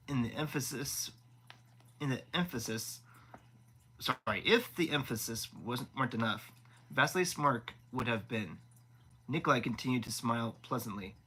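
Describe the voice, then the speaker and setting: A man's voice: medium pitch, moderate pace, pushed and bright, breathy edge, low-quality recording. A man reading a novel aloud live, often stumbling and rereading words. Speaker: audiobook reader.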